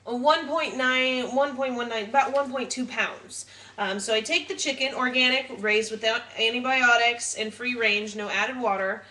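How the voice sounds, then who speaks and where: Cheerful young woman with a high, bright voice demoing a recipe at home, a little off-mic. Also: recorded from a distance. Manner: chatty, giggly, playful. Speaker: home cook host. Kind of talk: casual recipe demo. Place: home kitchen.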